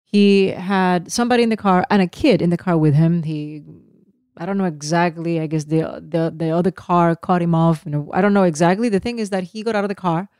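A woman co-hosting a relaxed talk show, chatty and ready to laugh at herself. Her voice sits fairly low, recorded close and dry. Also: brisk, clear, resonant tone, dry recording. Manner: chatty, laughs easily, self-deprecating. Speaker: podcast co-host. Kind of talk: casual chat.

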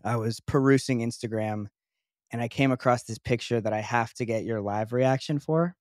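A man's voice: medium pitch, normal speed, darkish tone, dry recording, clean studio sound. A man co-hosting a podcast, teasing his friend in joking banter. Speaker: podcast co-host. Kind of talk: casual podcast chat.

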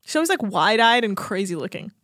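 A woman's voice: mid-range voice, big pitch swings, fast, a bit bright, no room sound, clean studio sound. A young adult woman co-hosting a podcast, recapping a reality show in a chatty, sarcastic way with lots of fillers. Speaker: podcast co-host.

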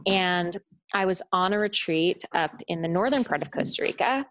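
A woman in her late thirties, appearing as a guest, tells a personal story with lively energy, acting out other people's voices. Her voice is on the low side, her pace moderate, and there's no echo.

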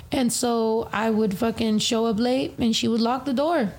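A woman's voice: on the high side, steady tone, normal speed, few pauses, a little mellow. A woman in her thirties hosting a casual podcast, rambling and swearing freely, a little tipsy. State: tipsy from beer. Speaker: podcast host.

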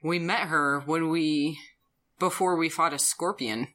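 Bright, wry woman player. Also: low-pitched, steady tone, a little slow. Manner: wry, teasing. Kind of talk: tabletop game play.

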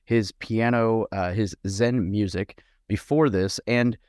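A man's voice: fairly low pitch, steady tone, slow, background noise. A man hosting a podcast, introducing his guest in an eager, informal, conversational way. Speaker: podcast host.

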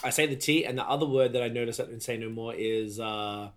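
A man's voice: medium pitch, fast talker, a bit bright. Sweary joking Australian man. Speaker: podcast co-host. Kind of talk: casual chat.

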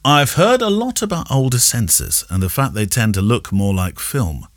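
Lively English man with an RP accent. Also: medium pitch, normal speed, no room sound, clean studio sound. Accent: English received pronunciation. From Yorkshire, England. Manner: lively, chuckles often, reads listener questions. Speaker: podcast co-host. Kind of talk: casual chat.

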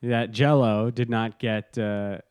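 A man's voice: fairly low pitch, fairly even intonation, slow, darkish tone, clear, resonant tone. A man co-hosting a casual sports podcast, joking and laughing often as he talks. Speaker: podcast co-host.

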